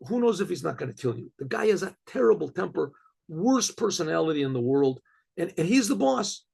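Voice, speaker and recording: Grumbling estate managers, done by a husky male storyteller. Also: fairly high pitch, sing-song, fairly quick, a little mellow, full character voice. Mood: warning.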